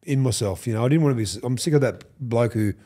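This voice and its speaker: A fast-talking Australian man in his fifties with a mid-range voice guests on a podcast, drawing on his past as a rugby league player. His casual stories come alive as he impersonates the people he quotes, with plenty of swearing and laughter.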